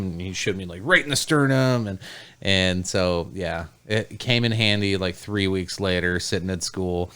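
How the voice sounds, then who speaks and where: Male guest, low pitch, relaxed and rambling casual talk. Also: moderate pace, clean tone. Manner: relaxed, rambling, with many fillers. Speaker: podcast guest. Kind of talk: casual chat.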